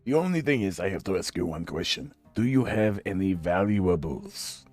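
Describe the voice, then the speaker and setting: Playful man with a lively low voice. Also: normal speed. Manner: playful, jokey. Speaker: player. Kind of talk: in-character banter at a game table.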